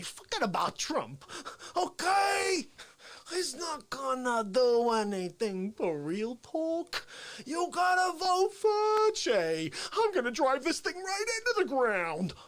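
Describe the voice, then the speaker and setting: A man doing a whiny, slow old official. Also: huge pitch swings, fairly bright tone, full character voice. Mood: whining. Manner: slow, whining, pitch swinging high. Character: whiny rambling older male official.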